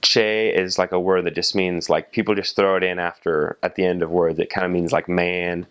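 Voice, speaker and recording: A young man explaining things in a relaxed, casual way, with many fillers and restarts. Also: sits low, fairly quick, clean tone. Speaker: vlogger explaining language differences.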